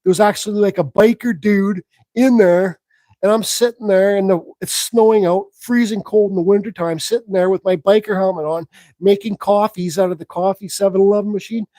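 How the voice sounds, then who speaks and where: A man's voice: sits high, steady tone, brisk, mellow, no room sound, low-quality recording. A man hosting a live Q&A on his woodcarving channel, telling stories in a rambling, frank way with swearing and restarts. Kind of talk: live stream Q&A, casual storytelling.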